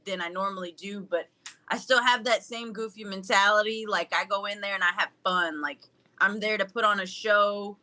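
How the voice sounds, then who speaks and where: A woman's voice: medium pitch, steady tone, moderate pace, pushed and bright. A young woman talking casually as an interview guest, upbeat and goofy, often laughing as she tells her story. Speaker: guest fighter.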